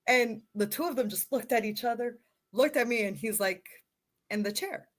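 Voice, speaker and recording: A woman's voice: on the high side, normal speed. A middle-aged woman from Canada, a model guest on a podcast, telling stories in a chatty, self-deprecating way. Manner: chatty storyteller, self-deprecating, laughs easily. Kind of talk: casual chat.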